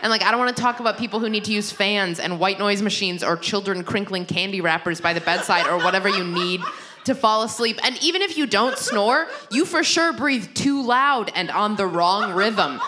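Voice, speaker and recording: A young woman performing a stand-up comedy set, rambling and self-deprecating, with frequent restarts and quick asides. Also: mid-range voice, bright, forceful tone, a little hiss or hum.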